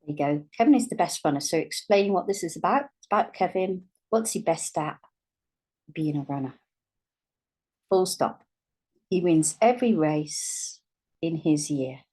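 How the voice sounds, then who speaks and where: A woman teaching a writing lesson, speaking patiently and dictating words slowly as she writes them out. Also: low voice, lively intonation, darkish tone, husky. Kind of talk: dyslexia writing lesson, thinking aloud while writing.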